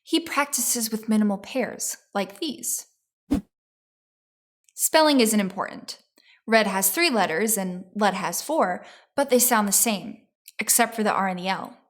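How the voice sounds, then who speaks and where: A woman giving a scripted pronunciation lesson, explaining step by step in a clear, encouraging way. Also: mid-range voice, animated, normal speed. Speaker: English teacher.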